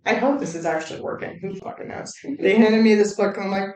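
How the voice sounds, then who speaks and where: Brief: candid woman host, blunt and profane, mid pitch, slightly off-mic in a roomy space. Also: quick pace, distant mic. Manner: blunt, heavy swearing, animated asides. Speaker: recovery channel host. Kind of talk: casual candid talk.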